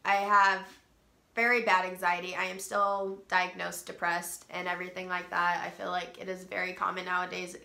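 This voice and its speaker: A woman's voice: lowish voice, little pitch movement, moderate pace, gravelly, sharp tone. A young woman with a stuffy nose from a cold, casually telling personal stories in a rambling way with many ums. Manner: rambling, lots of ums and restarts. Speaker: vlogger. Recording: roomy echo, faint music.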